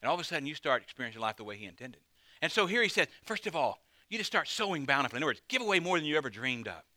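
A man's voice: fairly high pitch, big pitch swings, rapid-fire, pushed and bright, dry recording. A man, a pastor, preaching a conversational sermon with dramatic emphasis.

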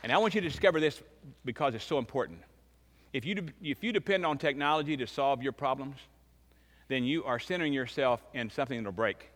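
A man in his fifties preaching a sermon as pastor, emphatic, swinging between loud and hushed. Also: mid-range voice, animated, fairly quick. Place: church sanctuary. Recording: long reverb of a large church hall.

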